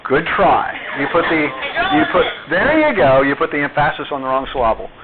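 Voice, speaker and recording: Here the chemistry teacher's voice sits on the high side and has a sing-song quality, with a loud crowd audible. He lectures slowly and deliberately, putting questions to his students, in a tinny, phone-like recording.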